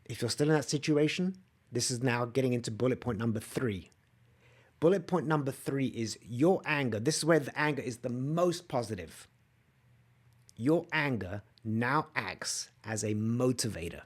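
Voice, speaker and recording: A man's voice: mid-range voice, animated, moderate pace, husky. A man in a mid-range voice hosts a solo coaching podcast. He talks directly to his listeners, asks them to comment, and slips into short dramatized outbursts to make his points. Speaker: podcast host and empath coach. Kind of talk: solo motivational podcast talk.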